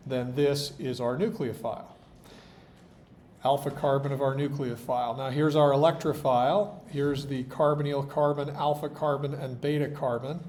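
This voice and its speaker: A man's voice: mid-range voice, steady tone, normal speed, darkish tone, slight background noise. A man lecturing a university chemistry class, explaining with dry jokes, his voice tired. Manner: explanatory, dryly joking. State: tired voice, occasional coughing.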